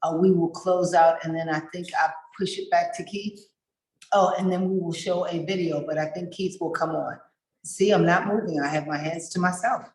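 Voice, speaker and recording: A woman's voice: lowish voice, steady tone, normal speed. Chatty woman moderator, echoey room. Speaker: panel moderator. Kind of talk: casual moderating on a virtual panel.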